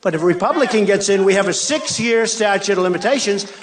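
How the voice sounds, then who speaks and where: A man's voice: high-pitched, quick pace. Boastful older man at a rally. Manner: boastful, repetitive, mocking asides. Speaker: political candidate. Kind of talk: rally speech. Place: large arena. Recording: crowd in a big arena. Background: faint crowd and ambience.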